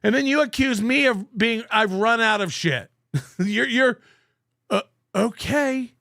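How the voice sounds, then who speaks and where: A man's voice: very high voice, animated, slow, creaky, bright, forceful tone, no room sound, studio quality. A man hosting a show, reacting to clips with sarcastic, profane commentary and frequent laughs.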